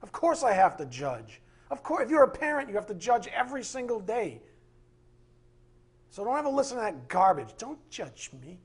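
A man's voice: high-pitched, big pitch swings, normal speed, husky. A man pastor preaching a sermon with emphatic, impassioned delivery, acting out quoted voices along the way.

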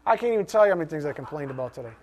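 A middle-aged male pastor preaching a sermon, animated, with rhetorical questions and joking asides. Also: fairly high pitch, racing.

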